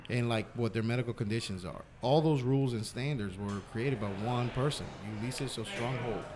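A man's voice: mid-range voice, brisk, noisy background. A man who works as a firefighter, chatting casually in a rambling way, often restarting and swearing when worked up. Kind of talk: casual podcast chat.

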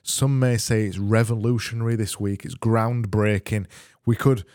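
A man's voice: on the low side, steady tone, moderate pace, darkish tone, dry recording, clean studio sound. Sweary exasperated man ranting. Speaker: podcast host. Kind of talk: casual comedic podcast monologue.

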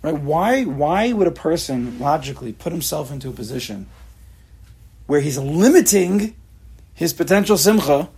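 A man in his forties from the New York area, giving a casual Torah lesson with rapid rhetorical questions and frequent restarts. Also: fairly high pitch, big pitch swings, a little mellow, breathy edge. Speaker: Torah class teacher.

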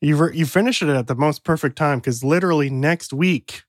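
A man's voice: a little high, brisk, dry recording, studio quality. A man co-hosting a podcast, chatting in an upbeat way and laughing easily. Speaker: podcast co-host. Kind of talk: casual chat.

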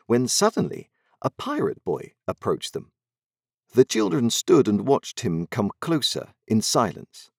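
A man narrating a story aloud in an expressive, dramatic storytelling manner. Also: lowish voice, no room sound, studio quality.

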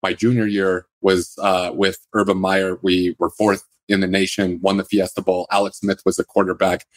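A man, a former pro football player, calmly recounting his career as a podcast guest in a plainspoken, steady way. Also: low-pitched, normal speed, no echo. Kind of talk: casual storytelling interview.

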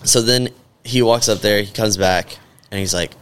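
A man's voice: fairly low pitch, moderate pace, fairly bright tone, a little hiss or hum. A man in casual podcast chat, telling a rambling, profane story full of fillers.

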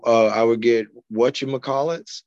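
A man's voice: medium pitch, fairly even intonation, normal speed, a little mellow, clean tone, dry recording, highs cut off. A man from Arkansas, a podcast guest telling stories in an easygoing way and chuckling between points. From Arkansas, USA. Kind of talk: casual storytelling chat.

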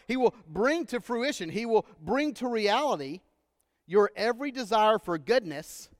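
A Texan-accented man preaches in a conversational way, stepping into casual asides and doubling back on his phrases. His voice sits high and sounds smooth and resonant. It is close and dry, with a long hall tail behind it in a church sanctuary. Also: expressive, normal speed. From Texas. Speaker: pastor. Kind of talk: sermon.

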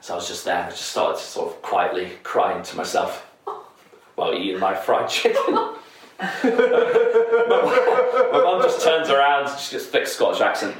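A man's voice: medium pitch, sing-song, moderate pace. A man telling a story in casual chat, rambling, laughing and swearing freely. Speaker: podcast co-host. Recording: echoey room, distant mic.

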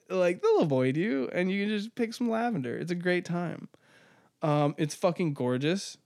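Profane man with a smooth, fairly high voice. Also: dry recording, clean studio sound. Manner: rambling, profane, laughs at his own jokes. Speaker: podcast host. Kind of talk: casual solo podcast monologue.

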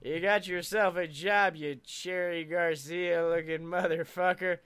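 A man's voice: sits high, fairly even intonation, measured pace, fairly bright tone, clear, resonant tone. A man voicing a foul-mouthed, angry male suit store owner in a comedy podcast joke. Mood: gruff. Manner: cursing, blustering.

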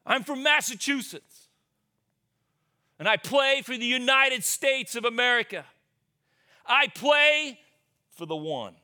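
A man's voice: very high-pitched, animated, slow pace, long pauses, sharp tone, voice pushed up, exaggerated voice. A man voicing an earnest young male hockey player who speaks in a proud, declaring manner.

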